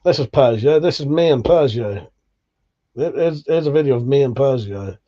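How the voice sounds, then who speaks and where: A man's voice: mid-range voice, animated, moderate pace, dull audio. Sweary man bantering on a livestream. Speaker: livestream host. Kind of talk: casual live chat reading viewer messages.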